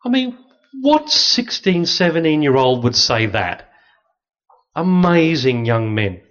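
A middle-aged man, a priest, telling lively stories with dry humor to an audience. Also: medium pitch, unhurried. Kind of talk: storytelling talk to an audience. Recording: slightly dull lo-fi recording.

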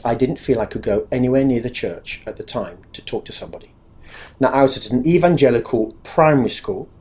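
A man's voice: mid-range voice, darkish tone. A man giving a candid, confessional spoken testimony about his own life, speaking earnestly and acting out remembered dialogue.

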